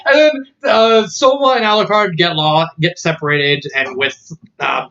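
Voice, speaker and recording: A man's voice: high voice, unhurried, vocal fry, bright, forceful tone. A man casually reviewing a story, laughing often in disbelief and using many fillers. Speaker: fan fiction reviewer. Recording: dull lo-fi audio.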